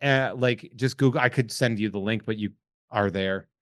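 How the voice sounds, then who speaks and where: A man's voice: on the low side, moderate pace, no room sound. Joking male podcast host, dry sound. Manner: rambling, jokey, self-deprecating. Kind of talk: casual chat.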